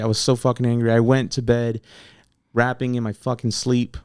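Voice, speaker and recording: A man's voice: medium pitch, flat delivery, a little fast, darkish tone, smooth, no echo, clean studio sound. Blunt, swearing man telling a story. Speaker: battle rapper guest. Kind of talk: casual interview chat.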